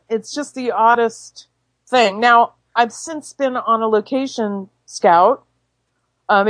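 A woman actor telling stories in a casual interview, animated and laughing easily, with many fillers and restarts. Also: fairly high pitch, no echo. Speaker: actor and filmmaker guest.

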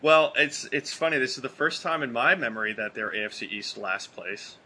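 A man's voice: medium pitch, expressive, fairly quick, pushed and bright, husky. A man co-hosting a podcast, chatting casually and animatedly, often restarting his sentences. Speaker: podcast co-host.

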